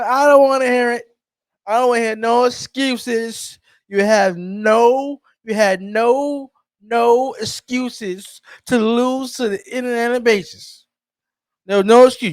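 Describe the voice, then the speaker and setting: High-pitched man, mocking sports trash talk, laughing, dry close sound. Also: no room sound. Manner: mocking, trash-talking rival fans; laughs through his lines. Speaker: podcast co-host. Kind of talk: casual sports banter.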